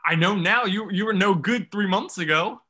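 A man's voice: high-pitched, fairly quick, bright, forceful tone. A man telling a long self-mocking story in casual chat, acting out what others said.

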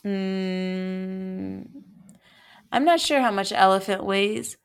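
A woman co-hosting a podcast in casual chat, measured and reflective, drawing out her phrases. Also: mid-range voice, animated. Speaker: podcast co-host.

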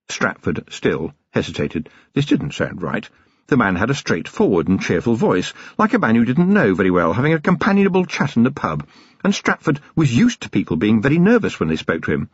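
A man reading an audiobook aloud in an expressive, scripted narration. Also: medium pitch, fairly quick, slightly rough, no room sound, dull audio.

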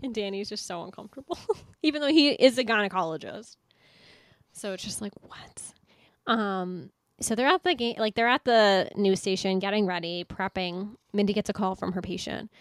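A woman's voice: mid-range voice, fairly quick, few pauses, no room sound. A woman co-hosting a podcast, chatting casually about a TV episode, laughing often and saying "like" a lot. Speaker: podcast co-host. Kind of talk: casual TV episode recap chat.

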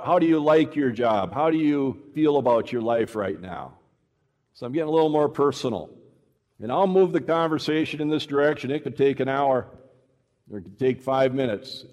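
A man preaching a sermon to a congregation, telling a story and acting out the dialogue with lively shifts in pace. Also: on the high side. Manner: animated, acts out dialogue, shifts pace often. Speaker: preacher teaching evangelism. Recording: long hall reverb.

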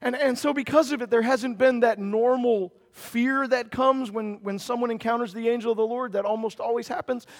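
A man with a strikingly high voice preaches a sermon. He talks to his congregation in an earnest, conversational way that swells into emphatic declarations. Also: fairly even intonation, moderate pace, hardly any pauses. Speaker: pastor.

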